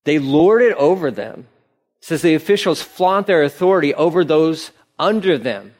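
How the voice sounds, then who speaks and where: A man's voice: a little high, animated, moderate pace, a little mellow. Conversational male pastor preaching. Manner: conversational, with playful asides. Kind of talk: sermon. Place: church sanctuary.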